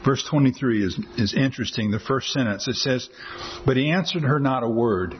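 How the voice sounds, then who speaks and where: A man preaching a sermon in an earnest way, often repeating words and slowing down to quote scripture. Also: mid-range voice, slight background noise. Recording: slightly dull lo-fi sound with faint ambience.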